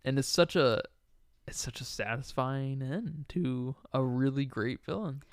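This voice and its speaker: A man's voice: medium pitch, a little slow, smooth, no echo, studio quality. A man co-hosting a podcast, chatting casually about a film with enthusiasm and loose phrasing full of fillers. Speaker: podcast co-host.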